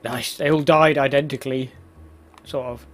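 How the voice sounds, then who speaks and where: A man's voice: mid-range voice, steady tone, moderate pace, fairly bright tone. A man giving casual, self-mocking commentary while playing a video game. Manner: chatty, exclaims at the game, laughs at himself. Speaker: let's play host.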